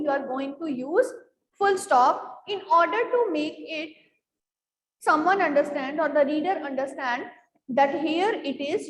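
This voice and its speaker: Woman teacher, high-pitched, repetitive classroom questioning, reverberant room. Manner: repeats questions to the class, fills with "you can say". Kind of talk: classroom grammar lesson. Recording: echoey room with long reverb.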